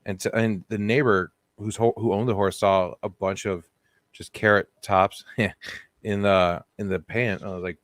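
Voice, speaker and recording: Low, dry-voiced man telling stories. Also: unhurried, dry recording. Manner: animated, laughs while telling stories. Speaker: podcast co-host. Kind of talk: comedic storytelling chat.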